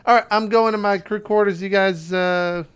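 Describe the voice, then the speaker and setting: Smooth-voiced male tabletop player. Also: sits high, fairly even intonation, normal speed, fairly bright tone. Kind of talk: casual tabletop play.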